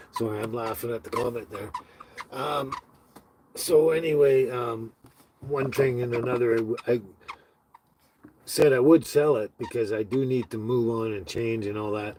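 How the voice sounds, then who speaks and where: A man chats loosely on a live stream, wandering from one thought to the next with frequent fillers and restarts. He sounds like he is talking from inside a small home, and steady background noise runs under his voice throughout. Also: medium pitch, poor audio. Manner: rambling, halting, with many restarts and fillers. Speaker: livestream host. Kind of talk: casual live-stream chat.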